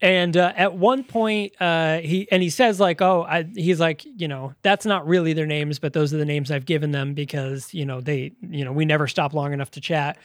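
Man retelling a film, slightly high voice. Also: moderate pace, hardly any pauses, dry recording, clean studio sound. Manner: animated scene retelling with acted-out quotes and laughs. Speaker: podcast co-host. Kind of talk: casual movie review chat.

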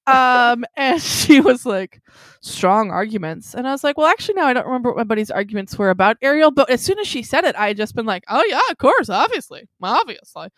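A young woman with a fairly high voice talks fast in a dry, studio-quality recording. Chatting like a friend, she tells a story animatedly and acts out the other people's lines as she goes.

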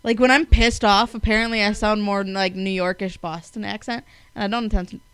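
A woman's voice: medium pitch, fairly even intonation, fairly quick, a bit bright, clean tone, no room sound, low-quality recording. A woman from Wisconsin hosting a casual true-crime podcast, swearing freely and tripping over her words. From Wisconsin, USA. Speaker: podcast host.

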